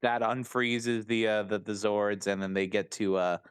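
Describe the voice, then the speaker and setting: A man's voice: lowish voice, flat delivery, normal speed, clear, resonant tone, no room sound, studio quality. A man co-hosting a podcast, recapping episodes in loose casual chat, laughing often and swearing now and then. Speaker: podcast co-host.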